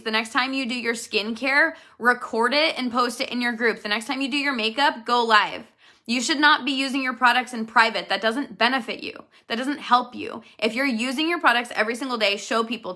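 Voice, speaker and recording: A woman's voice: on the high side, bright, forceful tone. A woman in her thirties giving her business team an earnest, emphatic motivational talk, repeating her key points. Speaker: network marketing team leader.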